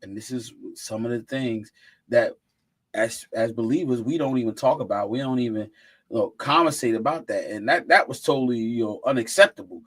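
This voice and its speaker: A man hosting a casual chat, rambling and halting with many restarts. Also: medium pitch, fairly bright tone, rough recording. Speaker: host.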